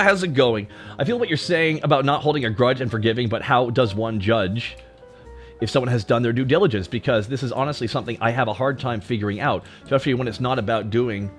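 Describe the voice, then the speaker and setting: A man from Canada streaming live, answering chat and ranting with a lot of swearing and big jumps in loudness. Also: mid-range voice. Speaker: VTuber streamer. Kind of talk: livestream chat rant.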